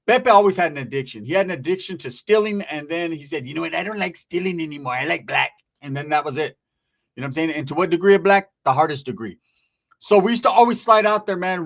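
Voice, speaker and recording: Streetwise male storyteller from Northern California; profane, casual, fairly high-pitched.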